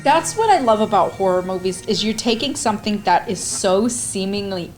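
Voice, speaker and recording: A young adult woman hosting a movie podcast, playful and animated, often laughing. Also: medium pitch, moderate pace, soft background music. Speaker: podcast host. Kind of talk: casual chat.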